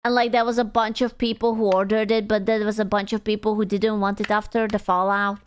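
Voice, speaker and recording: A young woman streaming, chatting casually in a playful, silly way and breaking into excited squeals. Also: mid-range voice, a little fast, a little hiss or hum. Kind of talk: casual livestream chat.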